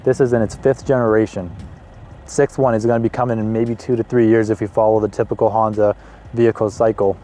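A man in his twenties hosting a car review, talking in an excitable, chatty way with casual asides as he walks around a parked car outdoors. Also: on the low side, brisk. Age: 20s.

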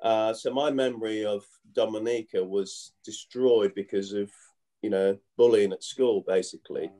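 A man's voice: on the low side, steady tone, moderate pace, warm tone. A man in his fifties who grew up in England, a former cricketer telling his life story in a casual interview, rambling with many "you know"s and restarts.

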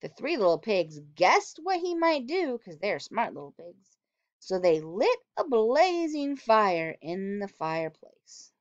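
A woman teacher reading a storybook aloud to children, expressive and animated, stopping to ask them questions. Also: mid-range voice, slow, no echo. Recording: dull, dry lo-fi recording.

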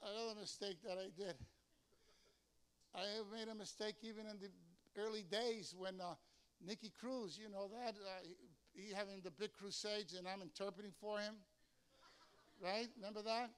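An older male pastor preaches in a church, spinning anecdotes and slipping into the voices of the people he describes. His voice sits very high for a man and rings bright and forceful. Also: moderate pace, long pauses. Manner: storytelling, animated, acts out voices in anecdotes. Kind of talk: sermon. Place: church sanctuary.

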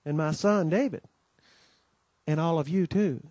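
Folksy, homespun preacher man, higher pitched. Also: unhurried, darkish tone, slightly rough, no echo. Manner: homespun storytelling, many "you know"s, acts out quoted voices. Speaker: conference host giving the welcome. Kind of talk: folksy welcome talk at a Christian conference. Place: conference gathering.

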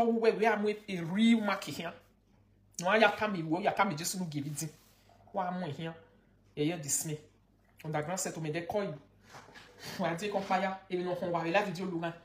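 A woman's voice: fairly low pitch, fast talker. Scolding Nigerian woman in an echoey room. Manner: gossipy, mocking, lectures the viewer. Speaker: gossip commentator. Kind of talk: scolding commentary.

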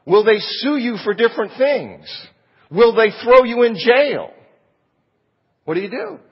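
A man with a husky, fairly high voice teaches a Bible lesson like a sermon. He presses his points with rhetorical questions. The recording is dull and muffled, with a long reverb trailing off the hall walls. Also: lively intonation, a little slow. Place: church auditorium.

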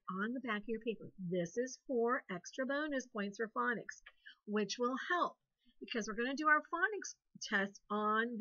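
A woman, a second grade teacher giving a playful, animated phonics lesson to young children. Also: a little high, muffled recording.

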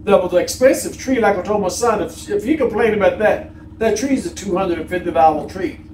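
Give me an animated, high-voiced man telling casual stories, recorded in an echoey room with faint background noise. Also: a little fast, far from the mic. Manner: animated, acts out quoted people. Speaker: vlog co-host. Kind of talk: casual storytelling chat.

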